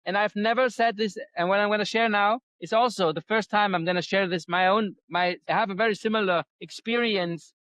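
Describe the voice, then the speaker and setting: A man's voice: high voice, fairly even intonation, brisk, few pauses, fairly bright tone, no echo. A male host in a casual interview, speaking earnestly and hesitantly, often restarting his sentences. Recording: dull lo-fi sound.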